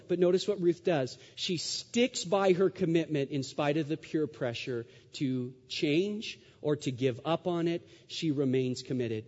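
A man's voice: high-pitched, animated, measured pace, dark tone. A man preaching a sermon as pastor, emphatic, with rhetorical questions and repeated phrases. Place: church sanctuary. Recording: dull sound with long hall reverb.

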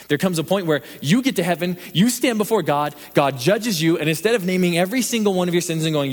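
A young adult man preaching a sermon, mixing scripture with a funny story and building to energetic emphasis. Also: a little high, long reverb tail. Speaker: pastor.

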